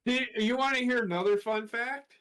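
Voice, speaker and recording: A man's voice: very high voice, brisk, fairly bright tone, clear, resonant tone. A young man in a casual podcast chat who argues and pushes back on the others. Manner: argumentative, pushing back on the others.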